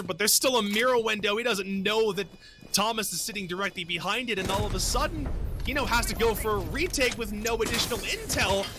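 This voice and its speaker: Excitable high-voiced male play-by-play caster. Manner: excitable, rises to near shouts in action. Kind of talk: play-by-play commentary. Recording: noisy broadcast with game sounds.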